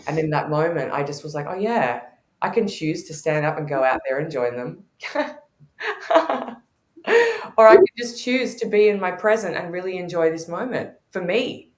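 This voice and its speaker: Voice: mid-range voice, animated, moderate pace. Candid guest telling stories, roomy sound. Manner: candid, storytelling, frequent laughter. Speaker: guest, intuitive teacher. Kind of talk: podcast conversation.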